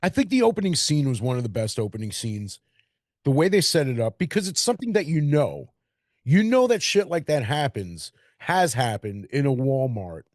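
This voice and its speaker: A man from Queens with a New York accent, co-hosting a casual film podcast and talking in long animated run-on stretches. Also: mid-range voice, moderate pace, dry recording, clean studio sound. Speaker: podcast co-host. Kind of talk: casual chat.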